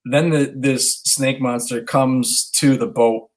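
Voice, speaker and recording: Brief: man in his thirties, animated storyteller, casual swearing, acts out the dialogue. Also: mid-range voice, takes it slowly. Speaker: podcast co-host, stay-at-home dad.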